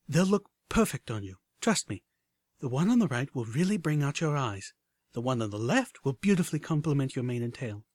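A man voicing a graceful, caring young mare who talks in a lilting, gently teasing way. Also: mid-range voice, big pitch swings, brisk, no echo.

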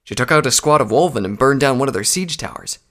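A man's voice: mid-range voice, lively intonation, quick pace, a bit bright, pitched above the performer's own voice, lightly acted. A man voicing a male pony recruit who is derisive and mocking toward his comrades, in an audiobook reading. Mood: boastful. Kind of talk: audiobook character voice.

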